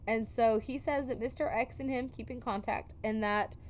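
A woman's voice: a little high, normal speed, a little hiss or hum. A woman co-hosting a casual chat, telling a story and acting out the quotes with laughs. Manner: animated, acts out quotes with laughs. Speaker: podcast co-host telling a story.

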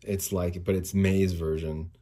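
Male podcast host with a dark, mellow, low voice; rambling, profane, out-of-breath rant. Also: level tone, measured pace. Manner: frustrated, swearing, rambling. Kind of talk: casual solo rant.

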